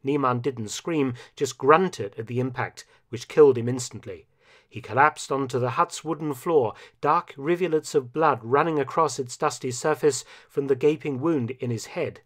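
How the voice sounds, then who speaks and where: A man reading a scripted historical narration in a measured, grave storytelling manner. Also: medium pitch.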